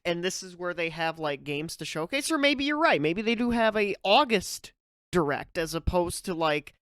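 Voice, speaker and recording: A woman's voice: medium pitch, fairly bright tone, dry recording, studio quality. A woman co-hosting a gaming news podcast in casual chat, laughing often and swearing casually. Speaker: podcast co-host.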